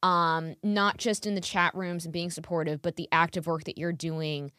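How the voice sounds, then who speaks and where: A woman's voice: lowish voice, flat delivery, moderate pace, bright, forceful tone, clear, resonant tone, no echo, studio quality. A woman hosting a podcast interview, talking earnestly and emphatically, often repeating her phrases. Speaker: podcast host. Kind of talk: casual interview chat.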